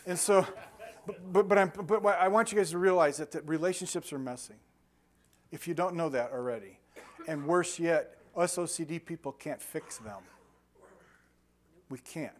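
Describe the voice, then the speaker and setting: An older man delivers a sermon in a somewhat raised pitch. He moves between scripture and loose personal anecdotes, often restarting his sentences and chuckling at himself. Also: moderate pace, long pauses. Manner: conversational storytelling with frequent restarts and laughter. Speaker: pastor.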